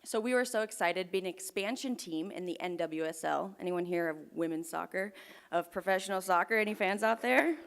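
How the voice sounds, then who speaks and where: A young woman telling a personal story live on stage to an audience, earnest and often dropping to a hushed near-whisper. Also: lowish voice, brisk, vocal fry, smooth. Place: performance venue with audience. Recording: long hall reverb.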